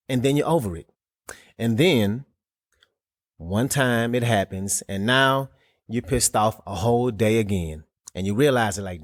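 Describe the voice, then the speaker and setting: A man hosting a solo motivational podcast, talking in an earnest, casual way with emphatic jumps in pitch. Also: moderate pace, dry recording, clean studio sound. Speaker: podcast host.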